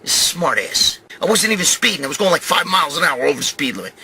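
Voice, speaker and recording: A man in his sixties telling a profane comic story about a traffic stop, acting out the other people with animated voices. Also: a little high, fast talker, creaky, husky. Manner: animated, swearing, acts out quoted voices. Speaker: host. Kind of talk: profane comedic storytelling rant.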